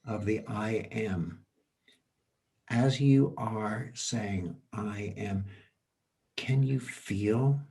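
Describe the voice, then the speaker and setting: Slow, low-voiced male facilitator. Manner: gentle, repeats prompts. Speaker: healing facilitator. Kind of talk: guided coaching exercise. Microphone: video call.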